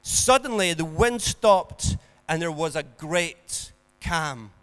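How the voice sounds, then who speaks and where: Male preacher, earnest sermon delivery, unhurried, reverberant hall sound. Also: a little high, expressive. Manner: earnest, builds to emphatic peaks then drops soft.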